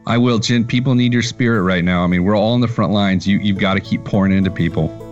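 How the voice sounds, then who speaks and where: Low-voiced man on dull lo-fi audio. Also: quick pace, soft background music. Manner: candid, self-deprecating humor, openly emotional. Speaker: guest, financial planner. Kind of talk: casual remote interview.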